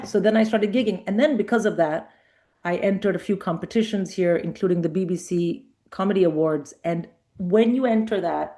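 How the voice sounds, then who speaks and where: A woman's voice: on the low side, a little mellow. A middle-aged woman comedian telling anecdotes in a casual interview, acting out the voices of people she quotes. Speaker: comedian guest.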